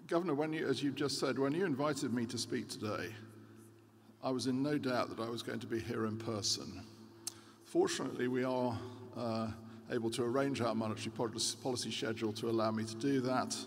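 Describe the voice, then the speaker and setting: A man in his sixties giving a formal keynote speech as a central bank governor, measured and earnest with occasional hesitations. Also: mid-range voice. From United Kingdom. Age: 60s. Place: large conference hall. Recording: reverberant hall with faint background noise.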